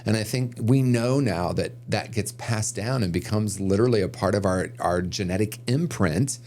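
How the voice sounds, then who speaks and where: A man's voice: lowish voice, moderate pace, a little mellow. A man speaking as a podcast guest on recovery, reflective and earnest, thinking aloud and often restarting his sentences. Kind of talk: conversational podcast interview.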